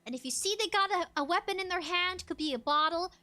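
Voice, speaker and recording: A woman streamer chatting casually, laughing often and acting out bits of dialogue in loud bursts. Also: extremely high pitch, quick pace. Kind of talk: casual chat.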